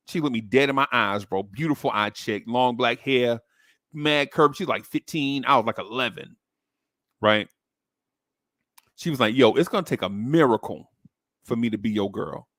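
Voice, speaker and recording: A man casually telling a long childhood story on a podcast, animating it with quick jumps into high voices for the people he quotes. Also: fairly bright tone, no echo, studio quality.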